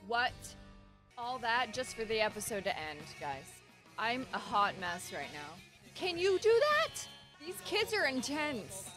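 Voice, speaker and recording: A woman's voice: measured pace, over music. A woman streaming at home as an anime reaction streamer, talking casually and exclaiming and laughing a lot, with faint show audio behind her. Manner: highly expressive, exclaiming and laughing. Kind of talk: casual live reaction commentary.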